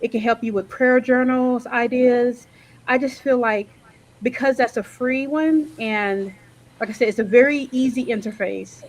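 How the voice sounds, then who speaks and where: A woman on a panel, talking casually with many pauses and self-corrections, over a video call. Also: a little high, rough recording. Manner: hesitant, lots of um and self-corrections.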